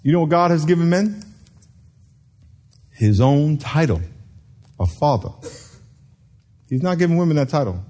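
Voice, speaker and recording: Lively man preaching a sermon. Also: fairly high pitch, measured pace, long pauses. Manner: lively, calls for congregation responses, acts out quotes. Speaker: pastor.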